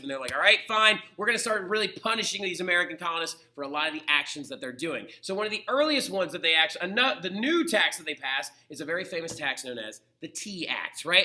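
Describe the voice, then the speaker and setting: A young man teaching a history lesson in a casual, animated way, often checking in with "right?". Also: high voice. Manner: animated and conversational, acts out quotes, says "right?" often. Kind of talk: recorded history lecture.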